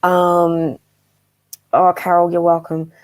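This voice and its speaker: A woman's voice: fairly low pitch, monotone, slow pace. A woman hosting a live-stream psychic reading, chatty and affectionate, with frequent ums and endearments. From Australia. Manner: chatty and affectionate, calls viewers darling, many ums. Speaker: psychic medium guest host.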